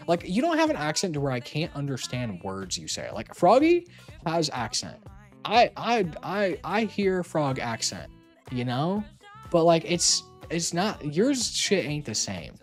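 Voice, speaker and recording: A young adult streamer talks in a loose, casual chat, teasing and laughing often and swearing now and then. The pitch swings widely up and down while staying in a middle register. Faint music plays quietly underneath.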